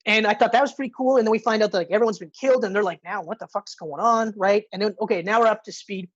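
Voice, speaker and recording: A woman's voice: medium pitch, very fast, highs cut off. A woman co-hosting a podcast in casual movie review chat, retelling scenes with lots of swearing and acted-out lines. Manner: animated retelling, profane, acts out characters' lines. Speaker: podcast co-host.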